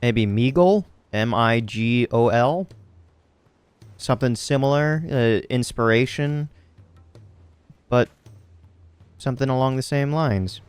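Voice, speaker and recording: A man's voice: medium pitch, takes it slowly, pauses often, clear, resonant tone, no echo, faint music behind. A man with an American accent giving casual let's play commentary, joking and laughing as he plays. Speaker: game streamer.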